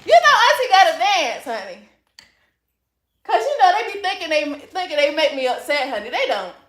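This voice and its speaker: High, lively, sassy woman on a livestream. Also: normal speed. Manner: sassy, calls everyone honey. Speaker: livestream host. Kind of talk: casual livestream chat reading comments. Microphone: phone.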